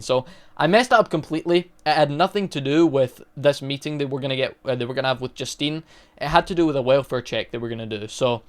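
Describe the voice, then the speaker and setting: A man talks through a horror plot in a loose, chatty recap. He rambles along and stops to fix his own mistakes, in a steady mid-range voice. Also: medium pitch, clear, resonant tone. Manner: chatty, rambling, corrects himself as he goes. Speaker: movie reviewer. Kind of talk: casual spoken movie recap.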